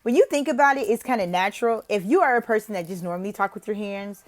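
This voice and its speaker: A woman talks through tips for an online teaching interview in a chatty way, full of "like" and "you know." Her pitch swings widely. When she demonstrates, she slips into an exaggerated, gasping teacher voice with drawn-out questions. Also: lively intonation. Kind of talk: casual tutorial with demo teaching.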